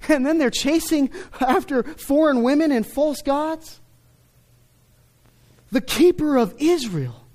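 Slow, emphatic male pastor preaching. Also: very high voice, expressive. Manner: emphatic, swings between loud stresses and hushed lines. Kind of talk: sermon.

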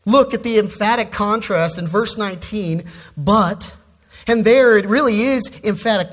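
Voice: medium pitch, moderate pace, a bit bright. A preacher giving an expository sermon, stressing key words and often repeating words when restarting a phrase.

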